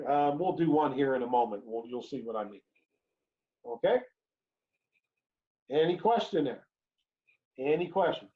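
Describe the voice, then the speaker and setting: A man teaching an introductory chemistry lecture, repeating key phrases and checking in with "right?" as he works through examples. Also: fairly high pitch. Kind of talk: recorded online lecture. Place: home or classroom during remote teaching. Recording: dull lo-fi lecture recording.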